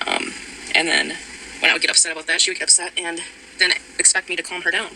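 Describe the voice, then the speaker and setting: A woman's voice: low voice, fast talker, rough recording. A woman recounting a personal account in a voice note, hesitant, with many ums and restarts. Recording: voice note with loud background noise.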